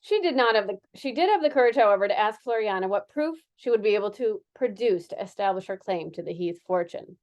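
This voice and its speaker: A woman's voice: mid-range voice, animated, fast, hardly any pauses, highs cut off. A woman reading a novel aloud, giggling and stopping now and then to comment on her own reading. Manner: laughs often, breaks off to comment. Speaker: reader.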